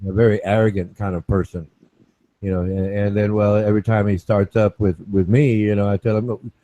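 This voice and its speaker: A man's voice: on the low side, steady tone, brisk, dark tone, highs cut off. A man hosting a casual online chat, rambling with many restarts and tag questions like "right?". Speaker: show host.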